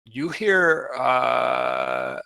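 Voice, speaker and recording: A man's voice: medium pitch, wildly swooping pitch, very slow, vocal fry, pushed and bright, clear, resonant tone, no echo, full character voice. A man voicing a simple-minded male kobold guard who talks in broken, clipped phrases. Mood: puzzled.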